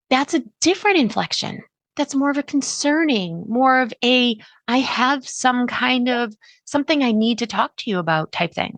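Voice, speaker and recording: Chatty animated woman podcast host. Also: no room sound. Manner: chatty and animated, with sudden pitch jumps when acting out voices. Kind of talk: solo podcast talk.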